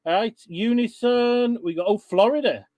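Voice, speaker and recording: Guy with a fairly high voice hosting an online webinar, chatty and easygoing, dry close sound on a video call. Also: moderate pace, a little mellow, no echo. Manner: chatty and informal, reading out attendees. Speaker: webinar host.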